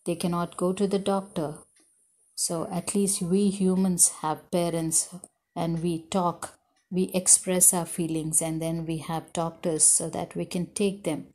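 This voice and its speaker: A woman's voice: fairly low pitch, little pitch movement, measured pace, mellow. A woman teacher with an Indian English accent, reading a story aloud to children and explaining words patiently.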